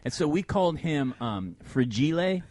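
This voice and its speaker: A man co-hosting a casual show, telling an animated story and acting out quotes with frequent laughter. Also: on the high side, moderate pace. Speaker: podcast co-host.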